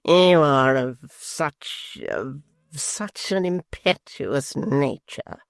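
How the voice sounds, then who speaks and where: A reader voicing a sly, smooth-talking male secretary who speaks coldly and slowly, sometimes close to a whisper. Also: mid-range voice, expressive, a little mellow, no room sound. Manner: silky, slow and cold, sometimes near a whisper. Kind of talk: audiobook character voice.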